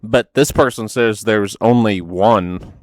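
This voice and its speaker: Low-voiced man doing sarcastic rambling commentary. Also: takes it slowly, no room sound, studio quality. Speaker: reaction video host. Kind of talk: casual reaction commentary.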